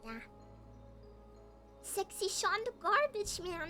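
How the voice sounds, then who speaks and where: A woman's voice: extremely high pitch, sing-song, unhurried, over music. A young woman VTuber chatting casually on stream, playful and giggly as she reacts to her chat.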